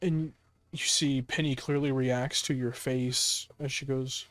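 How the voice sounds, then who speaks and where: A man's voice: mid-range voice, fairly even intonation, unhurried, fairly bright tone. A man running a tabletop horror game as game master, narrating vividly with many fillers.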